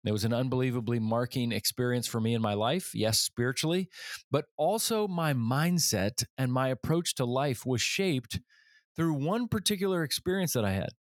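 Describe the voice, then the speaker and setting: Male podcast host, 40s, earnest storyteller, middle pitch, dry booth sound. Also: moderate pace, dry recording. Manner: earnest, animated when quoting others. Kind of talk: storytelling monologue.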